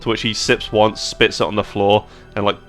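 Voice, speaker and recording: A man narrating as game master of a tabletop game, relaxed and descriptive. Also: fairly low pitch, normal speed, faint music behind.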